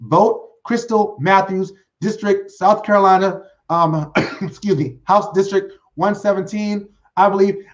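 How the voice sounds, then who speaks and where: A high-pitched man hosts his own livestream show, rambling with excitement and tripping over fillers and restarts. The sound is dull and lo-fi, from a computer webcam mic at a home desk. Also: unhurried. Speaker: host. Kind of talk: solo livestream talk show. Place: home desk setup with green screen.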